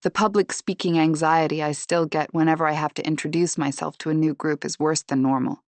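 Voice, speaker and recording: A woman narrating a first-person thriller audiobook in a measured, tense and subdued way. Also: sits low, steady tone, dry recording.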